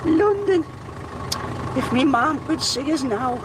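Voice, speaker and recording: A woman's voice: high voice, lively intonation, slow pace. An actress playing a proud, middle-aged mother from on her first trip to London, exclaiming "Eee" in wonder. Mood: awestruck. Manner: wide-eyed, breathy "Eee" exclamations. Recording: crowd noise behind.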